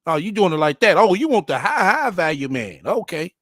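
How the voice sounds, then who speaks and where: A man riffs on a clip with mocking, profane sarcasm. His voice sits fairly high for a man. The sound is dry and close, with no room behind it. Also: very animated, brisk, fairly bright tone, no echo. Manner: sarcastic, mocking, heavy swearing. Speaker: reaction commentator. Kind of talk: profane reaction commentary.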